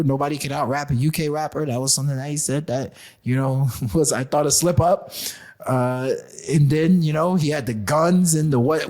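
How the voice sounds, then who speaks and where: A man co-hosting a casual hip hop podcast, talking in an animated way with frequent restarts and laughs. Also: a little high. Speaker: podcast co-host.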